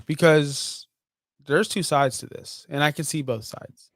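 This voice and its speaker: A man's voice: fairly high pitch, measured pace, fairly bright tone, no room sound, clean studio sound. A young man co-hosting a casual wrestling podcast, blunt, profane and full of strong opinions. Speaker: podcast co-host.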